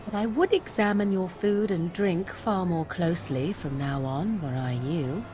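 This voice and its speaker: An actress playing a wary female companion in a video game, speaking in a measured, cautioning way. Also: lowish voice, natural voice. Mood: dry.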